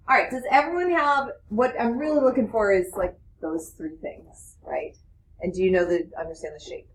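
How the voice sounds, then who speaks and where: A woman teaching math in a classroom, explaining with quick questions to her students. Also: medium pitch, a little hiss or hum, poor audio. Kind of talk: classroom lecture.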